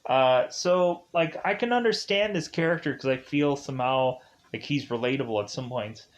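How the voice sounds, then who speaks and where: A man of ordinary pitch walks through a movie's plot in a loose, unscripted way. He leans hard on fillers like "like" and "kinda" and tells each scene in a meandering present tense. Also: moderate pace, lo-fi sound. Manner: rambling, filler-heavy, with many likes and kinda's. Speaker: film reviewer. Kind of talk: casual spoken movie recap.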